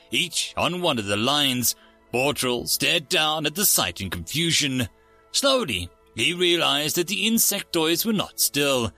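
A man narrating a science fiction story as the host of his channel, with a steady storytelling manner. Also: fairly high pitch.

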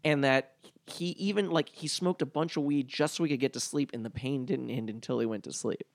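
A man in a casual podcast chat, telling long stories about his mother, full of "like" fillers and lively when he quotes people. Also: medium pitch, fairly quick, vocal fry, dry recording, clean studio sound. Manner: rambling, lots of "like" fillers, animated when quoting people.

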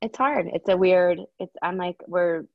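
A middle-aged woman speaking candidly as a guest, with a fairly low voice. The sound is dry and a bit dull, as if through a muffled mic. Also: unhurried, no echo. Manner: candid, expressive. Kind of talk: casual chat.

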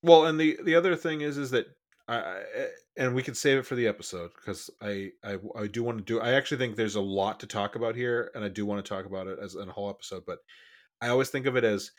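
Male podcast co-host, low-pitched, chatty and rambling. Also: fast. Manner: rambling, restarts often, bursts of speed. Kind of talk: casual podcast chat.

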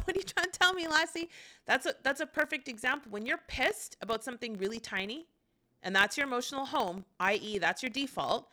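A woman's voice: on the high side, a bit bright. A middle-aged woman hosting a podcast, giving a candid, casual motivational talk and swearing freely as she trails off and restarts. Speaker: podcast host.

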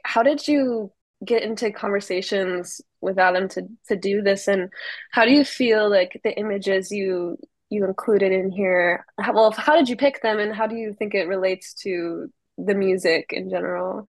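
A woman's voice: mid-range voice, moderate pace, dry recording. A woman co-hosts a podcast and chats in a giggly, gushing way, a little flustered as she asks her questions. Her voice sits in the middle range and the recording is dry. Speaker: podcast co-host. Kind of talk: casual podcast chat.

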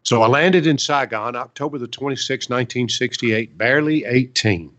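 A man's voice: mid-range voice, normal speed, a bit bright. A man in his seventies, a veteran and songwriter, telling stories in a folksy, chatty way during an interview. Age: 70s. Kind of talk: casual storytelling interview.

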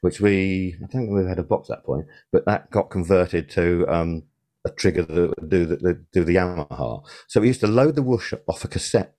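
A man's voice: deep voice, moderate pace, dark tone. An older man, a television sound supervisor, recalling his career in a casual interview, rambling and correcting himself as he goes. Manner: rambling, self-correcting storyteller.

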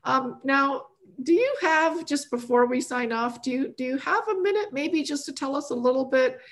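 A woman from Canada hosts a casual chat about faith, with a fairly high voice. She asks questions and laughs easily. Her talk is relaxed and conversational. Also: normal speed, low-quality recording. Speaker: podcast host.

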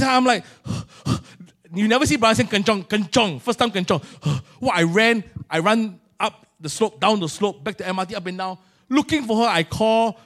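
Preaching in a high voice, a middle-aged Singaporean English speaker tells a story during his sermon, his volume rising and falling animatedly as he drops in Singlish particles.

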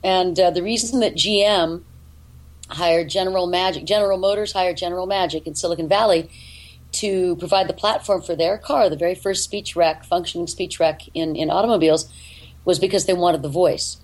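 A woman voice actor and dialect coach, talking in an interview in an articulate, deliberate way. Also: on the low side, fairly even intonation, poor audio. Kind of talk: interview talk.

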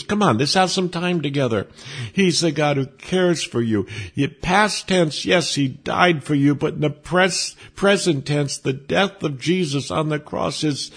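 A man's voice: fairly high pitch, slightly rough. A man preaching an earnest sermon, quoting scripture often and closing with a prayer.

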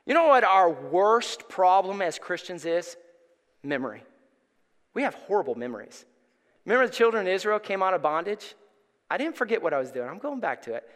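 A middle-aged male pastor telling a personal story in a sermon, animated and acting out the voices in it. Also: high voice, brisk. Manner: animated, acts out voices in his stories. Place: church sanctuary. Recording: reverberant church hall.

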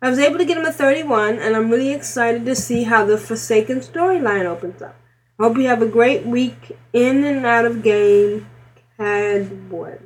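A woman's voice: on the high side, normal speed, husky. A woman co-hosting a casual gaming podcast, reading listener emails aloud with giggly asides. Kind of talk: casual chat.

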